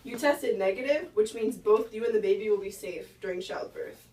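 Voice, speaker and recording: A woman's voice: medium pitch, moderate pace, warm tone, natural voice. A teenage girl playing a friendly prenatal doctor in a school skit. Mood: explaining. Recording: roomy far-off camera audio.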